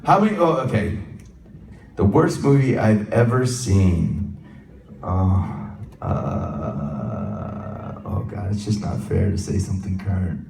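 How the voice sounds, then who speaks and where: A man's voice: low voice, big pitch swings, takes it slowly, gravelly, darkish tone, a little hiss or hum. A middle-aged American man answering audience questions at a convention panel, chatty and jokey, laughing often. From United States. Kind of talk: live convention Q&A. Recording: echoey hall from far off.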